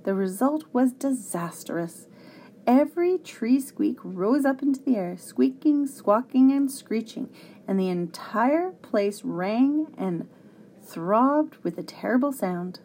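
A woman narrating a children's storybook aloud with an expressive read-aloud delivery. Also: fairly high pitch, slow pace, breathy edge.

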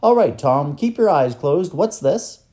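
A man's voice: on the high side, sing-song, measured pace, warm tone, voice pushed up. A man doing a kindly old professor. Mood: encouraging. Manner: encouraging, teacherly. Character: kindly older male professor, gentle teacher.

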